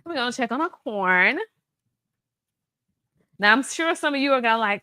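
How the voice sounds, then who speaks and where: A woman's voice: on the high side, animated, moderate pace, pauses often, sharp tone. A woman from Atlanta, hosting a live cooking demo in a chatty, playful way, teasing her viewers. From Atlanta, USA. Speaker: cooking show host, baker.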